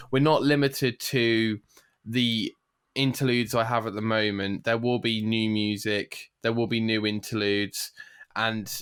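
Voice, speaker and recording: A man's voice: fairly low pitch, fairly bright tone, smooth. A man hosting a gaming podcast in casual, jokey chat. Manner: chatty, jokey, drops into silly accents. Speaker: podcast host.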